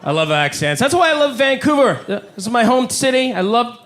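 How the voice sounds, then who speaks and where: In a comedy club full of people, a Canadian comic with a high voice and lively intonation delivers his set conversationally and with a wry edge, tossing in quick voices for bits. The live recording is loud, carrying crowd noise, laughter and the sound of the room.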